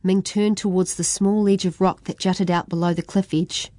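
Brief: New female storyteller, steady expressive narration, mellow tone. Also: on the low side, moderate pace, no room sound. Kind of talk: children's story reading.

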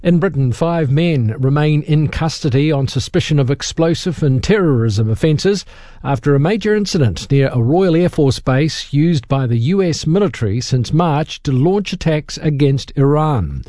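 A man reading a radio news bulletin in a crisp, formal way. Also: fairly high pitch, lively intonation, normal speed, warm tone, no room sound, clean studio sound. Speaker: newsreader.

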